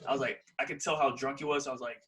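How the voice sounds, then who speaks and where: A young man telling a story in casual podcast chat, lively, acting out each person he talks about. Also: mid-range voice, racing, breathy edge. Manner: animated, acts out the people in his stories. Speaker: podcast co-host.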